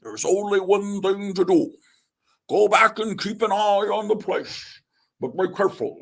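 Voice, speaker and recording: A man voicing a grave, elderly British prime minister in a read-aloud comic, in a slow, ceremonious manner. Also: high voice, expressive, vocal fry, a bit bright, pitched above the performer's own voice, exaggerated voice. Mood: stately.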